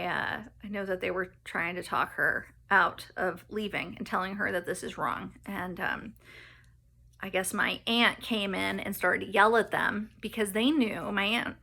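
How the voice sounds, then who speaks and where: Gravelly, bright-voiced woman telling her story. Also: mid-range voice, moderate pace. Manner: hesitant, many fillers and restarts; laughs nervously at painful moments. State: emotional, near tears. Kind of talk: personal storytelling vlog.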